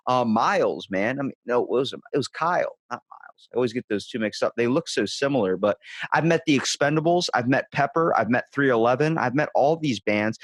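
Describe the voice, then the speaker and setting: A young man in his twenties telling concert stories in casual chat, animated and profane, jumping into a higher voice for quoted people. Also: no room sound.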